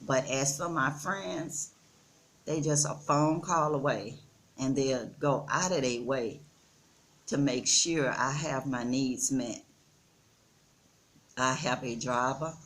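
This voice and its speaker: A woman's voice: rumbling low, a little hiss or hum. A woman in her sixties with a Texan accent, chatting earnestly to her viewers in a casual vlog. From Texas. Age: 60s. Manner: slow, earnest, addresses viewers as y'all. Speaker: vlogger. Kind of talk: casual chat. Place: outdoors in the Gambia.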